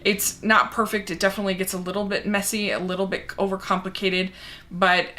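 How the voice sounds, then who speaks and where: A woman's voice: mid-range voice, little pitch movement, fairly quick, sharp tone, a little hiss or hum. A young woman reviewing movies, chatting casually and enthusiastically as she answers a movie tag.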